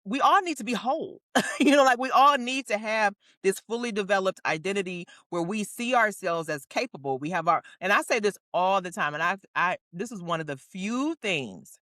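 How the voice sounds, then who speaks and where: A woman co-hosting a podcast in casual conversation, at an ordinary mid pitch. She speaks earnestly and reflectively, circling back to repeat her key points. The recording is dry and close. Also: animated, moderate pace, a bit bright, dry recording. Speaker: podcast co-host.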